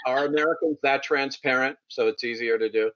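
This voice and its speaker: A man's voice: mid-range voice, fairly quick, fairly bright tone, muffled recording. A man hosting a video-call panel interview, asking long, rambling questions. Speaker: interviewer host.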